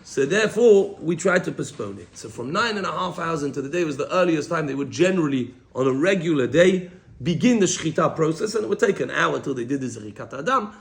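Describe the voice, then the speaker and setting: A man teaching a Torah class to students, explaining with lively emphasis and frequent checks that they follow. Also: a little high, fast.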